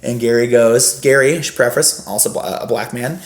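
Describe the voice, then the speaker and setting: A young man, a podcast guest, animatedly telling a story with quick asides and lots of laughter. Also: mid-range voice. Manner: lively, laughing, fast asides with filler "like". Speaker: podcast guest, former scare actor. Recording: roomy echo.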